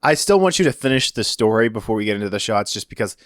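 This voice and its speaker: A man co-hosting a casual podcast, excitable and swearing freely as he calls drinking shots. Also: fairly low pitch, fast, no room sound, clean studio sound. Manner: profane, excitable, cheering and calling shots. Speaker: podcast co-host.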